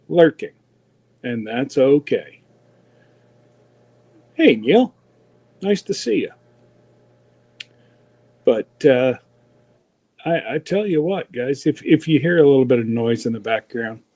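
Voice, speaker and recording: A man hosts a relaxed livestream chat, unhurried and folksy. His voice sits in a middle register. He greets viewers by name with easy chuckles. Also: medium pitch. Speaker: livestream host.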